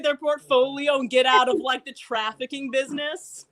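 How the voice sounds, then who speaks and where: A woman's voice: sits high, fairly even intonation, normal speed, hardly any pauses, a bit bright. A young woman performing a stand-up comedy set, chatty and rambling, often laughing at her own jokes.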